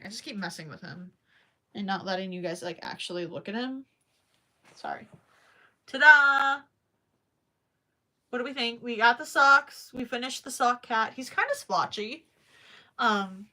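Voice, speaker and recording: A woman's voice: a little high, sharp tone. A young woman hosting a casual crochet livestream, chatting to viewers, apologizing often and giggling as she thinks aloud.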